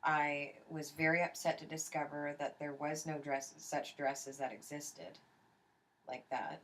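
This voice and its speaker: A woman's voice: low-pitched, a little slow, rough recording. A young woman interviewing her mother in a casual family chat, telling stories with lots of restarts and acted-out quotes. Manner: animated storytelling, acts out quoted voices, many restarts. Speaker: interviewer, adult daughter.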